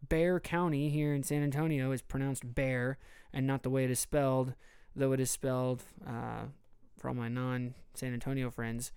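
A man's voice: medium pitch, darkish tone, clean tone, no room sound, studio quality. A man, a youth pastor talking casually in a podcast, rambling and joking as he goes.

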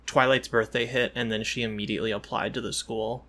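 Chill podcast guy, agreeable, lots of likes and uhs, middle pitch. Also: brisk. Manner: relaxed, agreeable, lots of fillers. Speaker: podcast co-host. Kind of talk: casual chat recapping a cartoon episode.

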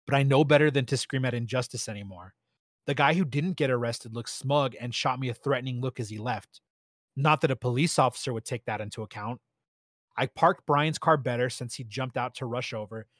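A man reads a first-person story aloud in a steady, plain voice of middle pitch, stumbling now and then over a word. The sound is dry and close, with no room around it. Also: no room sound. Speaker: story narrator.

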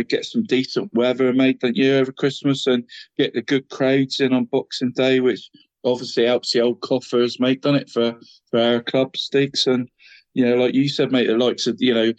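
A man's voice: medium pitch, a little mellow, dry recording, dull audio. Rambling middle-aged man. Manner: rambling, says mate after every phrase. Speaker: co-host of a football show. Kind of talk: casual football chat.

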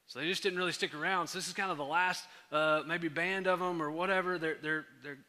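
A pastor delivering a sermon in a conversational way, full of fillers and restarts. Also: male voice, on the high side, steady tone, fairly quick, pushed and bright, in a large hall.

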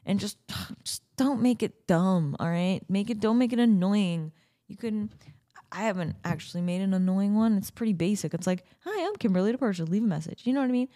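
A woman hosting a podcast in a casual, chatty way, playful and quick to break into silly asides. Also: medium pitch, warm tone. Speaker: podcast host. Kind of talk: casual chat.

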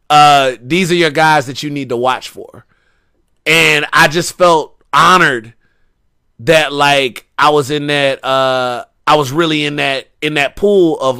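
Bright, animated male storyteller. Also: on the high side, slow, smooth. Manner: animated, slangy, repeats himself. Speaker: podcast guest wrestler. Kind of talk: casual podcast storytelling.

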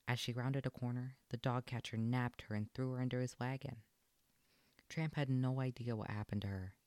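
A man narrating a children's storybook aloud in an expressive, lilting read. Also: mid-range voice, moderate pace, no room sound.

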